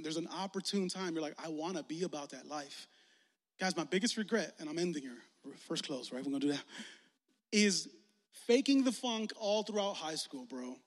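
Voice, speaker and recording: A young man preaching as a youth pastor in a casual, animated way, acting out quoted voices as he leads an altar call. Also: high voice. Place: large hall with audience. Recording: long hall reverb.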